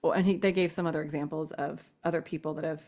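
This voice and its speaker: Rambling, low-voiced woman in casual chat. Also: steady tone, quick pace, darkish tone. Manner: rambling, full of "like" and restarts; candid, swears casually. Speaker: podcast co-host asking a question.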